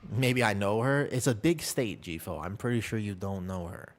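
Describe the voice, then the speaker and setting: Relaxed low-voiced man chatting. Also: normal speed. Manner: rambling, relaxed, chats with viewers. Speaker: streamer. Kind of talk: casual chat with chat while gaming. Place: at home with a cat.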